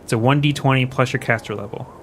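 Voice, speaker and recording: A man with an average-pitched voice works through game rules aloud, hesitating and musing. Faint noise sits under the recording. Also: steady tone, fast. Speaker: player. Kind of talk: tabletop game play, rules talk.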